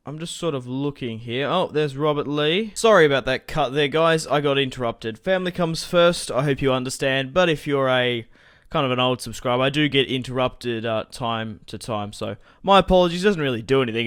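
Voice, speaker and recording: A man with a smooth, clear voice commentates casually on his own strategy game. He thinks aloud, drifts into asides to his viewers and fills pauses as he goes, speaking close to a desk microphone. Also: mid-range voice, fairly bright tone. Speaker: gaming channel host.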